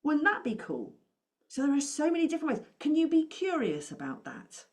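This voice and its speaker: Encouraging money coach. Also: female voice, high-pitched, huge pitch swings, a little fast. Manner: encouraging, asks the listener many questions. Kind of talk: motivational talk to camera.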